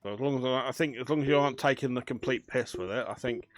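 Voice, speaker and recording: A man's voice: mid-range voice, fast, noisy background. A man chatting casually as he plays a management game, thinking aloud with dry banter. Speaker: gaming channel host. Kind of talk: casual let's play commentary.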